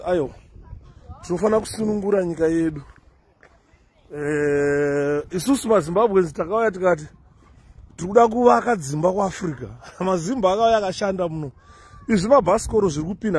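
A man's voice: fairly high pitch, darkish tone, a little hiss or hum. A man with a Zimbabwean accent giving a rambling, casual commentary to viewers while strolling through an outdoor city park, recorded on a handheld phone. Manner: rambling, conversational, chatty asides to viewers. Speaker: vlogger.

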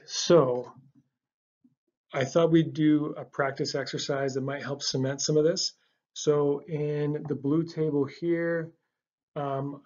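A man's voice: medium pitch, a little mellow, lo-fi sound. A man explaining a language lesson over slides, patient and step by step, with frequent ums and restarts. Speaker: language teacher. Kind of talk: casual slide-based lesson narration.

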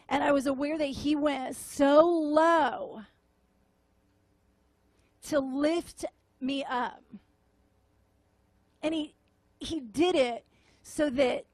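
A woman preacher with a high voice shares a tender testimony in a slow, halting way. She often trails off and repeats her words as if close to tears. Her voice sounds close and dry. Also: fairly even intonation, darkish tone, no echo. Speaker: prophetic minister. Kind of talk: emotional sermon testimony. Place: meeting room with audience.

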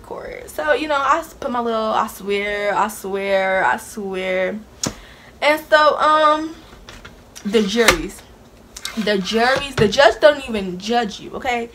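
A young woman telling a storytime vlog in a sassy, animated way, talking with attitude. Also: a little high, background noise. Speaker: vlogger. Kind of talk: casual storytime.

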